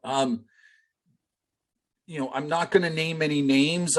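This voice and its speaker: Over a video-call mic, a man with a slow, somewhat high voice coaches a live online business group. His teaching is casual and conversational, full of fillers and direct asks to the participants.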